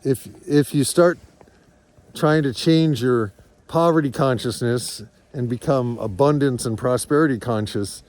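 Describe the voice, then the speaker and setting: A man's voice: medium pitch, measured pace, a little mellow. A man telling a candid personal story in a rambling, earnest and reflective way, as a farm vlogger.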